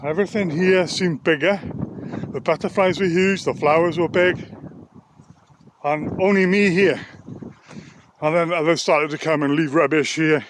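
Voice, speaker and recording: Vlogger on a country walk: chatty, a bit breathy, higher-pitched guy, light outdoor hiss. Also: measured pace, long pauses. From Wales. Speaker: vlogger and sound therapist. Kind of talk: casual walk-and-talk vlog. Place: outdoors on open coastal nature reserve.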